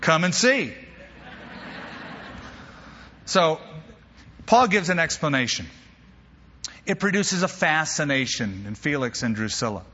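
A male pastor preaching a sermon, an animated storyteller who drops humorous asides. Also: fairly high pitch, normal speed, pauses often, big-room sound, lo-fi sound, a little hiss or hum.

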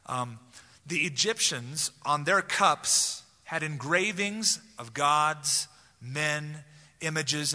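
A man's voice: fairly high pitch, sharp tone. A male pastor preaching an expository sermon, storytelling animatedly with casual asides. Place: church sanctuary. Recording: reverberant church hall.

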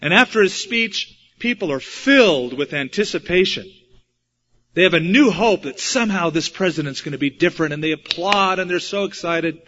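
A preacher man with a fairly high voice, dramatic. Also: fairly bright tone. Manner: dramatic, acts out quotes with shifting pitch and volume. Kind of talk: sermon. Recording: dull lo-fi recording.

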